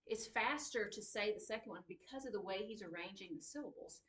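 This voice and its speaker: A woman teaching a high school writing class, briskly explaining and tapping out syllable rhythms. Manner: lively, brisk, reads lines aloud and beats rhythm with syllables. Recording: echoey classroom from a distant mic.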